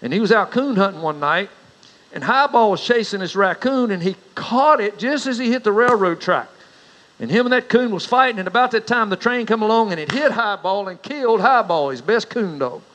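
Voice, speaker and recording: A middle-aged man with a drawl delivers a sermon, weaving in homespun stories with a folksy touch. His voice sits somewhat high for a man. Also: lively intonation, a little fast, fairly bright tone, low-quality recording. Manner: folksy storyteller, rises in pitch for anecdotes. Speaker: pastor.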